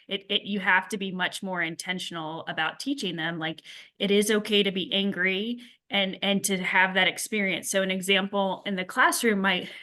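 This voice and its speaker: A middle-aged woman with a bright, ringing tone speaks to parents at a school workshop. She talks in a loose, conversational way, full of fillers and restarts. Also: mid-range voice, fairly even intonation, normal speed. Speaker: school staff member.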